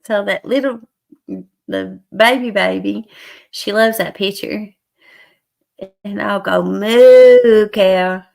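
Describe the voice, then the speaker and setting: A hoarse middle-aged woman, hosting a casual livestream chat with viewers and laughing often. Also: mid-range voice, takes it slowly, long pauses. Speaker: livestream host.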